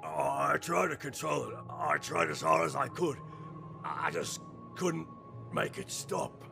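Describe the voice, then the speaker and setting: A gravelly hulking clone soldier. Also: male voice, a little high, takes it slowly, full character voice. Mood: remorseful. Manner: blunt, commanding when controlled, then apologetic. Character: hulking male clone soldier, gruff, chip-controlled. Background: loud music score.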